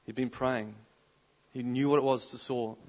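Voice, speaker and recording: Guy preaching at a conference, gets loud then soft, kinda dull live recording. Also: mid-range voice, normal speed. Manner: animated, swings from soft to loud exclamations. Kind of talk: conference sermon.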